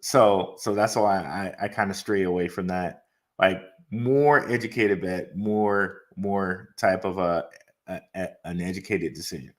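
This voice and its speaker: A man co-hosting a casual livestream, talking hesitantly with many pauses and restarts. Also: low voice, fairly even intonation. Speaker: co-host.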